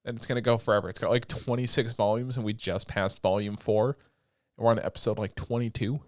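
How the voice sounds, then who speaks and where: A young man co-hosting a podcast, recapping anime in a rambling, excitable way with lots of filler words and swearing. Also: fairly low pitch, quick pace, no room sound, studio quality. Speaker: podcast co-host. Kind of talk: casual chat recapping anime episodes.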